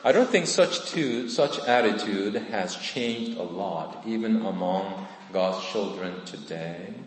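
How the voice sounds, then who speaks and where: A man preaching a sermon as pastor, earnest and emphatic, slowing down on key points. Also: on the low side, echoey room, in a large hall, poor audio.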